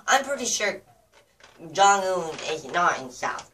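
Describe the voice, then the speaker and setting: A woman's voice: lowish voice, sing-song, takes it slowly, sharp tone, a little hiss or hum. A woman from the United States vlogging outdoors in a casual, rambling way, joking and getting sidetracked as she greets her viewers. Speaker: YouTuber addressing viewers. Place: outdoors in the cold. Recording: distant mic with faint outdoor ambience.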